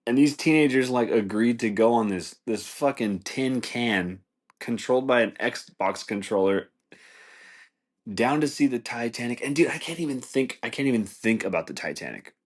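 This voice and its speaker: A man's voice: medium pitch, lively intonation, normal speed. A man hosting a podcast, rambling in casual chat with a lot of swearing and restarts. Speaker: podcast host.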